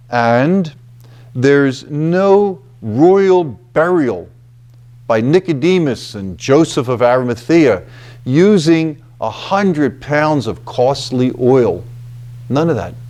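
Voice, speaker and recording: A man delivering a reflective scripture talk in a slightly high voice. He speaks slowly and deliberately. He leans on key words for emphasis and keeps checking in with his listeners. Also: darkish tone. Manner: deliberate, emphatic, with frequent "okay" and "you know". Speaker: retreat house presenter.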